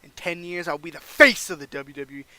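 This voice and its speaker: A man's voice: a little high, a little fast, pushed and bright. A man voicing a cocky young male wrestler cutting a smug, taunting promo in a wrestling game playthrough.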